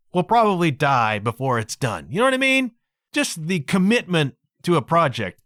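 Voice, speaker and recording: Male podcast host, lively solo storyteller, dry close-mic sound. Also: fairly high pitch, no room sound. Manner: animated, exclaiming storyteller with frequent "man" and "dude". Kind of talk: casual solo podcast monologue.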